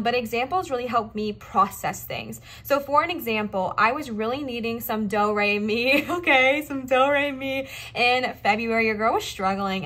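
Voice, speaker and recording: A young woman doing a casual tarot card reading, talking straight to her viewers. She sounds chatty and emphatic, repeats her encouragements and slips in little asides. Her voice sits fairly high. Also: fairly bright tone. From Southern United States.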